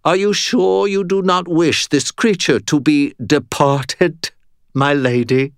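A man's voice: on the high side, fairly even intonation, slow, clean tone, no echo, clean studio sound, voice pushed up. A man voicing an eager, menacing male henchman creature in an audiobook, overeager and deferential.

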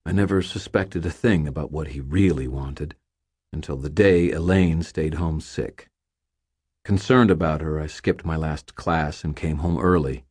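A man narrating an audiobook in a measured, restrained, somber way. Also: rumbling low, darkish tone, slightly rough, no echo, studio quality.

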